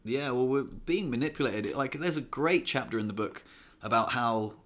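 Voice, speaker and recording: A man's voice: medium pitch, moderate pace, fairly bright tone. A man co-hosting a casual podcast in person, rambling with lots of fillers and repeating himself. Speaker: podcast co-host. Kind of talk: casual chat. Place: indoors, in-person podcast recording.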